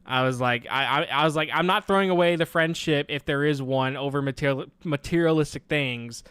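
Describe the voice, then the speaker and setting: This young streamer talks fairly quickly in a slightly high, smooth voice with no room sound. His casual story is laced with swearing, and he animatedly retells the dialogue exchanges.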